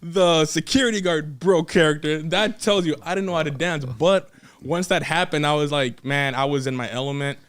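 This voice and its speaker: A young man, a wrestler, telling a story in a casual podcast chat, animated and laughing often, acting out what others said. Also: on the high side, moderate pace, clear, resonant tone.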